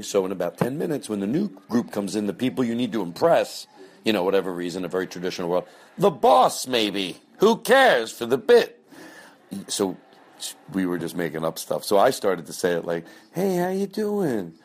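A man with a low, deep voice talks loosely, as if to his podcast listeners. He rambles from story to story in a joking way. He sounds middle-aged. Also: expressive, fairly quick, darkish tone. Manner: loose and joking, breaks into high mocking voices for bits. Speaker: podcast host. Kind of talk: casual rambling monologue.

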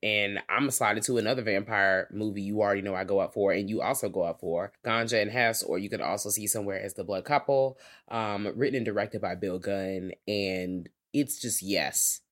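A man co-hosting a podcast, chatting casually about films in slangy talk that swings between loud excitement and soft, low asides. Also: brisk. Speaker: podcast co-host. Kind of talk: casual film chat.

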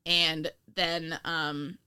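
A woman's voice: deep voice, level tone, extremely slow, bright, forceful tone, clean tone. A woman from New York co-hosting a casual film-review podcast, rambling and laughing often, swearing casually. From New York state. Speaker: podcast co-host.

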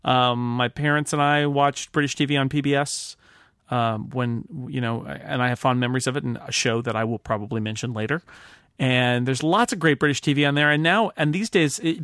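A man's voice: mid-range voice, a bit bright, dry recording, studio quality. A man from the United States hosting a casual panel chat, ranting in jokey mock-pompous bursts with laughs. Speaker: podcast host.

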